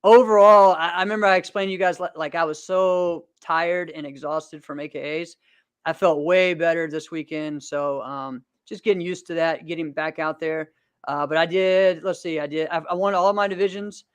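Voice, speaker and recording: A man's voice: on the high side, steady tone, normal speed, smooth, no echo. A man in his thirties hosting a podcast, chatting casually in an upbeat, rambling way with lots of fillers and frequent laughter. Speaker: podcast host and martial arts competitor. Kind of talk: casual chat.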